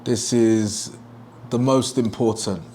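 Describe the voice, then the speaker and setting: A man's voice: medium pitch, steady tone, takes it slowly, warm tone, a little hiss or hum. A young man teaching a sales lesson at a whiteboard, emphatic and repeating his key points. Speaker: sales trainer.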